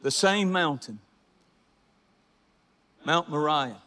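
A man preaching a fervent sermon, swinging between shouted praise and hushed storytelling. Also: on the high side, animated, drawn-out words. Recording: hall reverb.

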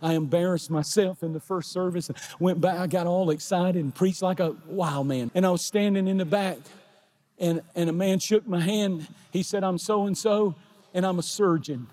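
A middle-aged man, preaching a sermon in a church sanctuary and often building to shouts. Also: high-pitched, steady tone, moderate pace. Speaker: pastor.

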